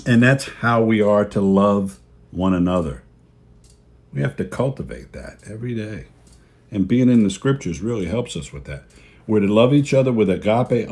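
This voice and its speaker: A pastor with a fairly low, darkish voice preaches a sermon to his church over a video service in a plain, folksy style. He repeats key phrases for emphasis and speaks as if chatting with his flock.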